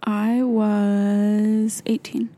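A woman's voice: medium pitch, flat delivery, drawn-out words, mellow. A young woman guest on a comedy podcast, hesitant and giggly, full of "like". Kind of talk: casual chat.

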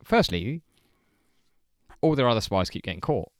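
A man's voice: medium pitch, very animated, normal speed, no room sound, studio quality. Chuckling man telling a story. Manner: rambling, amused, laughs while telling. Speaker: podcast co-host. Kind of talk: casual storytelling chat.

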